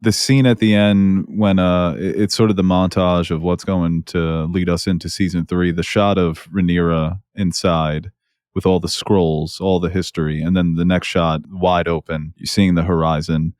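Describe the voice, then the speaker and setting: A man with a low, deep voice co-hosts a podcast review in casual chat. He gets animated and laughs as he mocks scenes. The sound is dry and close, with no room echo. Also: normal speed, clear, resonant tone. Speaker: podcast co-host.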